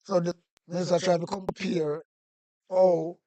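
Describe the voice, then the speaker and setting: A man's voice: sits high, flat delivery, a little slow, dark tone, no room sound, dull audio. A man with a Jamaican accent giving heated, repetitive political commentary in casual patois-laced talk.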